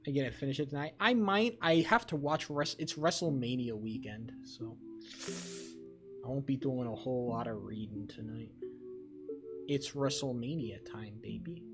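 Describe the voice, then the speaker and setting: A young man chatting on a live stream, rambling and excitable with lots of swearing. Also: mid-range voice, normal speed, over loud music. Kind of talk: casual live-stream chat.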